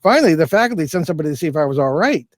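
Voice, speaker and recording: A man's voice: fairly high pitch, very animated, rapid-fire, dry recording. Older man telling a rambling story. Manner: rambling anecdotal telling with many restarts and fillers. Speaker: guest, paranormal investigator. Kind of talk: casual storytelling interview.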